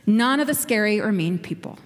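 A woman's voice: medium pitch, lively intonation, fairly quick. A woman leading a playful, encouraging children's talk in a church, asking the kids questions. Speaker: children's message leader. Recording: echoey hall.

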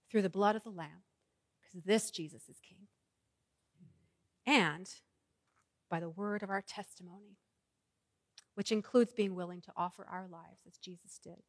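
Woman, pastor, sermon, rhythmic repeated phrases, mid pitch, dry close sound. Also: fairly bright tone, no echo, in a large hall. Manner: rhythmic, repetitive preaching cadence; leads congregation in prayer.

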